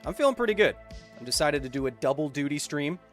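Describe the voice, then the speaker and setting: A man hosting a science livestream, chatting casually and reading out viewer donations in an upbeat, joking way with bursts of excitement. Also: on the high side, fast talker, faint music behind. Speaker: science YouTuber host.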